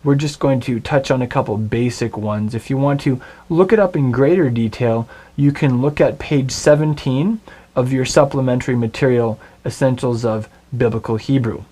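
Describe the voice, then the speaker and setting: A middle-aged man teaching a recorded Hebrew lesson, patient and clear, slowing down to spell out Hebrew words. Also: mid-range voice, dark tone.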